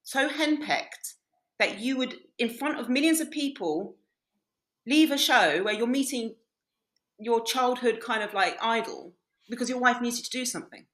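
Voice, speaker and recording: With a fairly high, slightly bright voice at a moderate pace, a woman guests on a casual podcast as a dating coach. The sound is reverberant, and she tells stories bluntly, swearing freely and laughing often.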